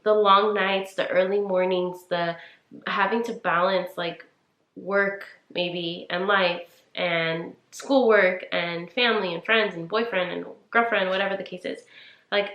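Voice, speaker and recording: A woman's voice: medium pitch, fairly bright tone, lo-fi sound. Earnest young woman in an echoey room. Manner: earnest, heartfelt, many "like"s, addresses listeners as "you guys". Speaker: podcast co-host. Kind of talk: casual advice chat.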